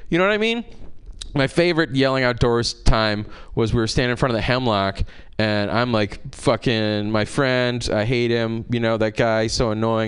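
A man with a low, smooth voice performs stand-up on a club stage, speaking into a handheld mic. His story wanders and is full of swearing, and he keeps ramping up into yelling. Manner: profane, rambling storytelling that builds to yelling. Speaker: stand-up comedian. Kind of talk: stand-up set.

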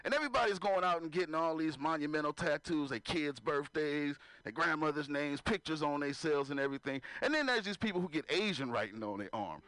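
Lively high-voiced male stand-up comic. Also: a little fast, few pauses, no room sound. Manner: loose, conversational, laughs at own jokes, asks crowd to clap. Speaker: stand-up comedian. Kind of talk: stand-up comedy set. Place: live comedy venue with audience.

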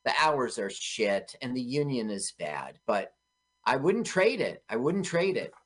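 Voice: medium pitch, very animated, a little slow, a bit bright. Radio co-host riffing on a movie, voice jumps all over, jokey play-by-play. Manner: joking, narrates the film's plot aloud. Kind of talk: casual movie riffing chat. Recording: internet radio show.

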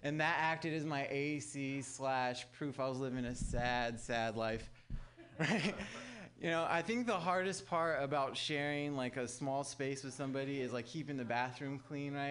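A man's voice: medium pitch, moderate pace, fairly bright tone. A young man from Southern California performing a stand-up comedy set, talking wryly and conversationally to a live audience. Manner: conversational, wry, addresses audience as guys.

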